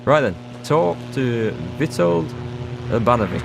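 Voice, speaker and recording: A man gives a casual let's-play commentary, joking as he goes and talking to his viewers. His voice sits fairly low and has a gravelly edge. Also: lively intonation, normal speed, pauses often, noisy background. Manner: joking, talks to chat while playing. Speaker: gaming video host.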